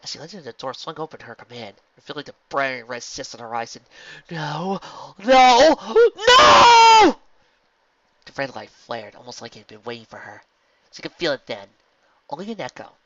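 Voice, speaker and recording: Guy reading a story out loud, earnest, bright voice, dry lo-fi sound. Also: medium pitch, fast. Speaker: fan fiction reader. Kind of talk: storybook narration.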